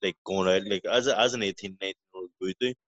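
A man's voice: sits low, fairly even intonation, racing, a bit bright, no echo. A man who is a professional boxer, guest in an interview, telling rambling stories with lots of swearing and restarts. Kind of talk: casual storytelling interview. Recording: dry, dull lo-fi audio.

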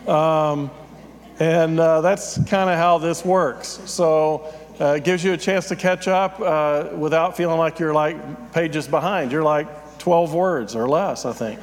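A man's voice: fairly high pitch, measured pace, in a large hall, slight background noise. A man, a pastor, giving a conversational, self-deprecating sermon with frequent fillers.

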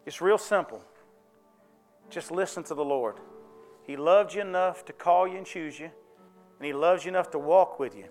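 High male voice, down-home church preacher, faint music bed. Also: moderate pace, pauses often. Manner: folksy, conversational preaching with call-and-response questions. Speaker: pastor. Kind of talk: sermon.

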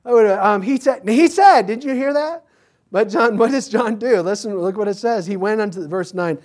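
A male pastor delivering a sermon in a conversational way. He mixes scripture with humorous everyday asides. Now and then his excitement jumps up mid-thought. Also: high voice, normal speed.

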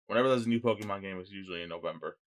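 A man's voice: deep voice, very fast. A young man co-hosting a podcast, talking casually in a loose, profane, joking way. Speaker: podcast co-host.

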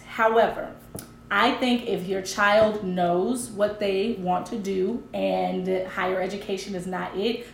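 A woman co-hosting a casual chat podcast, animated and quick to laugh, turning measured when she explains a point. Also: medium pitch, creaky, a little hiss or hum. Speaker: podcast co-host. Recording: roomy echo with faint ambience.

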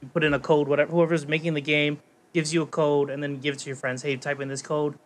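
Man with a Hawaiian accent, co-host, higher voice, loose rambling delivery full of fillers. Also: quick pace. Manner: rambling, lots of "like" and "um", animated storytelling. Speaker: podcast co-host. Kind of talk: casual chat.

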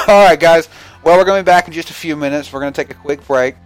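A man's voice: fairly high pitch, fast, no room sound, soft background music. A man co-hosting a wrestling podcast in a casual, rambling chat, swearing and joking with his co-host.

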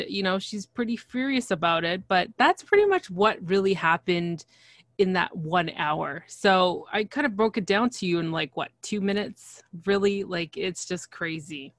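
A woman co-hosting a casual recap podcast, chatty and quick to laugh, acting out quotes in a high excited voice. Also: no room sound. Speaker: podcast co-host. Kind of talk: casual reality TV recap chat.

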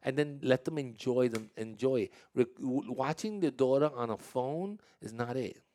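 A man's voice: medium pitch, moderate pace, dark tone. A man hosting a casual interview with young dancers, talking in a chatty, storytelling way with frequent laughs and restarts.

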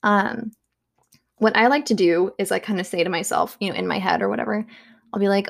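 A young woman talks at home in a loose, chatty self-help monologue. Her pitch sits in an ordinary middle range. She leans on fillers and lets soft little laughs slip between her thoughts. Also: fairly quick, creaky. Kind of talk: casual monologue.

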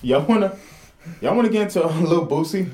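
A man's voice: high voice, lively intonation, brisk, a little mellow. Casual young man, echoey room. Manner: loose, profane storytelling with lots of fillers. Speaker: podcast co-host. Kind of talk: casual chat.

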